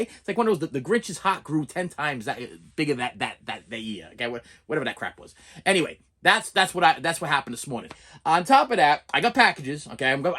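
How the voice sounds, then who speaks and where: A middle-aged man, a teacher and father, talking casually and at length to his viewers in an animated, repetitive way. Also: fairly high pitch, husky. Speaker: preschool teacher and collector vlogger. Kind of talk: casual rambling monologue.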